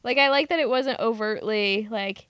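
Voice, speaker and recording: A woman's voice: fairly high pitch, a bit bright, smooth, no room sound, studio quality. A woman co-hosting a podcast, ranting sarcastically in casual movie review chat. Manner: ranting, sarcastic, fast bursts. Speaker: podcast co-host.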